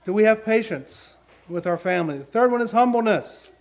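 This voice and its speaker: Earnest high-voiced male preacher. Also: animated, a little fast. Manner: earnest storytelling, rising to emphatic questions. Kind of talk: sermon with personal stories.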